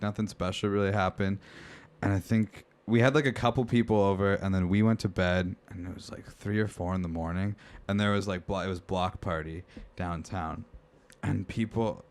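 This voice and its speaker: A young man with a somewhat low voice chats casually as a podcast host. He tells stories loosely, leaning on lots of fillers. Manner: laid-back, filler-heavy storytelling. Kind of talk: casual chat.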